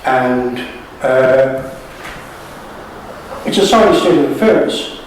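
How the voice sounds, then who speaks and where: A man's voice: medium pitch, animated, takes it slowly, recorded from a distance, slight background noise. Wry Irish man in an echoey hall. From Ireland. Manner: wry and sardonic, chuckling at his own jokes. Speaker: poet. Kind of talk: poetry reading at a book launch. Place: museum hall at a live event. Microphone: room recording from a distance.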